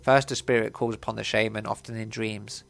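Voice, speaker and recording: A man's voice: fairly low pitch, level tone, a little fast, vocal fry. A man voicing a flamboyant painted elf who lectures theatrically in a video game. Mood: lecturing.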